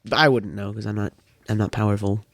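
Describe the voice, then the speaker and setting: A man's voice: on the low side, level tone, fast, no room sound. Thirteen-year-old boy, dry close sound. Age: teens. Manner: rambling, dry wit. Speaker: podcast guest. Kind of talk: casual chat.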